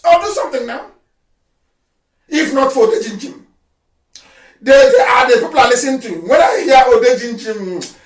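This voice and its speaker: A fiery, scornful man with a Nigerian accent and a high voice gives a live address, often shouting. He stands well back from the mic in a room that rings with echo. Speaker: political activist leader addressing followers. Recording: echoey room, speaker far from the mic.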